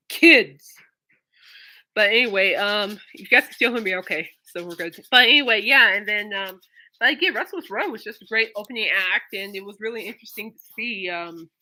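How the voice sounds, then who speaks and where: A woman's voice: mid-range voice, pushed and bright. A woman hosting a podcast in casual, rambling chat, laughing often. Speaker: podcast host.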